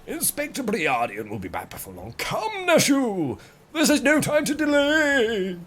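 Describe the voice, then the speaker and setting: A man doing a theatrical gentleman inspector. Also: extremely high pitch, huge pitch swings, a little slow, a little hiss or hum, pitched above the performer's own voice, full character voice. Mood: rallying. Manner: theatrical, grandiose. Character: flamboyant gentleman inspector, dramatic and excitable.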